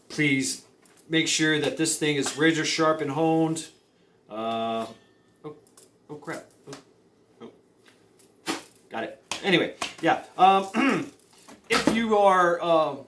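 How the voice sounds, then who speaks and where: A man giving mock-serious survival advice in a rambling comedy monologue, full of fillers and stammered restarts. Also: a little high. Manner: rambling, with many fillers, stammered restarts and deadpan conspiracy talk. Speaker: comedy vlogger.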